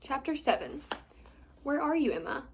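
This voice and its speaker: A woman in her twenties reading a children's chapter book aloud in a steady, clear way. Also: high-pitched, moderate pace, slight background noise. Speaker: storybook reader. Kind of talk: children's story read-aloud.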